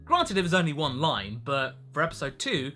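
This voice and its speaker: A man's voice: fairly high pitch, sing-song, moderate pace, bright, forceful tone, a little hiss or hum. A British man, a voice actor, answering fan questions in a casual vlog, chatty and self-mocking. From Britain.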